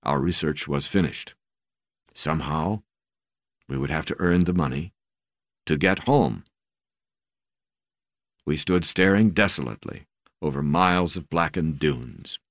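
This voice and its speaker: Deep-voiced man narrating a memoir. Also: measured pace, long pauses, no room sound, studio quality. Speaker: audiobook narrator.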